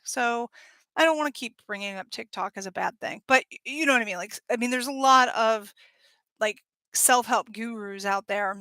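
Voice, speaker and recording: A woman's voice: fairly high pitch, pushed and bright, no echo. A woman hosting her own channel, talking candidly and with feeling, often acting out the voices of people she quotes. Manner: thinks aloud with fillers and restarts. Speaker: channel host. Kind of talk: casual talk to camera.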